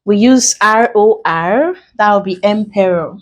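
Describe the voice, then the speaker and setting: Nigerian lady teaching english exam prep, takes it slow, spells stuff out letter by letter. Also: medium pitch, poor audio. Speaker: English tutor. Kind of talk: exam-prep lesson at a board.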